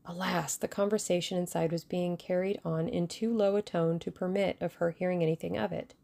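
A woman giving steady audiobook narration of a mystery novel. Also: fairly low pitch, fairly quick, gravelly.

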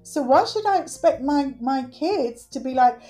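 A woman's voice: sits high, normal speed, faint music behind. A middle-aged woman, a guest in an interview, speaking earnestly and acting out quotes. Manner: earnest, animated, acts out quotes. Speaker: guest, works with children. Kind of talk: conversational interview.

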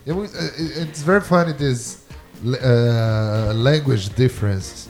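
Halting Brazilian man speaking English. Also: mid-range voice, a little mellow, faint music behind. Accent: Brazilian Portuguese. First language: Portuguese. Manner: halting, searching for words. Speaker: teacher. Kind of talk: casual podcast chat.

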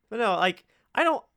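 A man co-hosting a movie review podcast, talking in a relaxed way and laughing often. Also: very high voice, creaky. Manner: laid-back, laughs often. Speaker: podcast co-host. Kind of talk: casual movie review chat.

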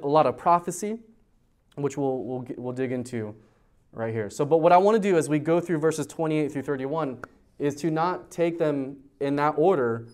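A man's voice: mid-range voice, a little mellow. A man, a youth pastor, teaching a verse-by-verse sermon in a conversational way and putting questions to his listeners at a church youth service. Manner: conversational, asks the audience questions.

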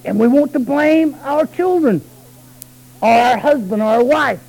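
A high-pitched male preacher, delivering a sermon. He talks quickly and low in his asides, then climbs into long, shouted, stretched-out lines. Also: expressive, gravelly, low-quality recording. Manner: swings from low talk to high shouted calls.

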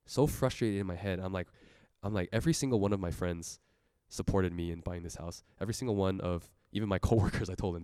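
A man's voice: deep voice, a little mellow, smooth, dry recording, studio quality. A young man giving an earnest, personal sermon testimony, laughing often as he talks. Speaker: church speaker giving a testimony.

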